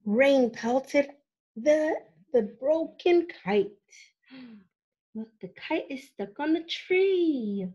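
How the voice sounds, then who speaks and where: A woman reading a picture book aloud to young children, animated, with frequent gasps and drawn-out sound words, stopping to ask the listener questions. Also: sits high, dull audio. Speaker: children's story reader.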